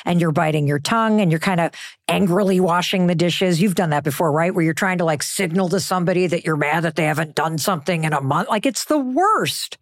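A woman's voice: lowish voice, no echo, studio quality. A middle-aged woman giving a motivational talk, emphatic and conversational, sometimes dropping into a whisper for effect. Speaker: motivational speaker.

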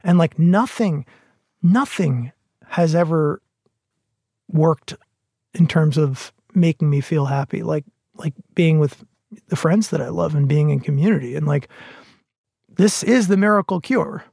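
A middle-aged man talking in a casual podcast conversation, earnest and halting, with frequent restarts. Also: on the high side, vocal fry, darkish tone, no echo, studio quality. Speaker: podcast guest.

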